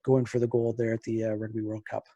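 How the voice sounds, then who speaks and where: Canadian guy hosting a pod, talks quick, flat and kinda dark voice. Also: on the low side, highs cut off. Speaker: podcast host. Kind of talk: interview questions.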